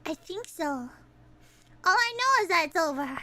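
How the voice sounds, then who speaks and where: A young woman streamer chatting casually, excitable and swearing, ranting and laughing a lot. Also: very high voice, moderate pace.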